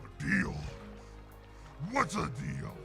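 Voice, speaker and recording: An actor voicing a big, brave, hungry and homesick male lion in a cartoon, gruff and boastful. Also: high-pitched, very animated, extremely slow, music in the background, heavily acted. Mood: curious. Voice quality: gravelly. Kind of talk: cartoon voice acting.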